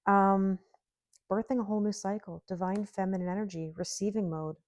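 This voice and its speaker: A woman's voice: mid-range voice, fairly even intonation, a little fast, darkish tone, no echo. A woman doing a solo tarot reading, chatty and giggly, musing aloud with lots of hmms. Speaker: tarot reader.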